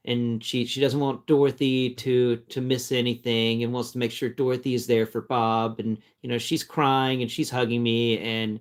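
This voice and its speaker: Chatty rambling man telling a story. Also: medium pitch. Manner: rambling, repeats words and restarts often; chatty, breaks off to talk to his cat. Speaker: vlogger telling a personal story. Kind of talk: casual spoken storytelling.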